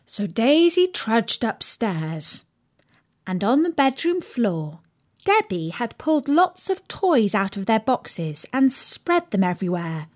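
Expressive woman reading a children's story. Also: a little high, slow. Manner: expressive, gently dramatic.

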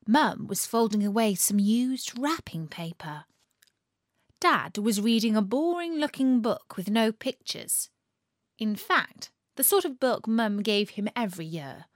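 A woman reads a children's bedtime story aloud with lots of expression, sometimes sinking to a whisper. Her pitch rises and falls widely and she takes her time. The recording is close and dry. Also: no room sound.

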